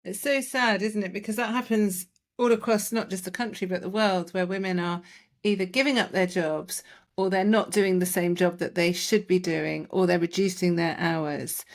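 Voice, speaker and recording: A woman's voice: on the low side, steady tone, normal speed. A woman, a doctor hosting a podcast, explaining things reassuringly and checking in with tag questions. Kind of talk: conversational interview.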